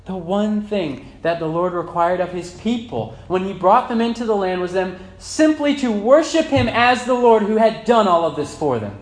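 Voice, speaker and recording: A man in his thirties preaching a sermon as pastor, moving between loud fervent emphasis and soft reflective passages. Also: high voice, lively intonation, normal speed, few pauses. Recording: echoey church room with faint hum.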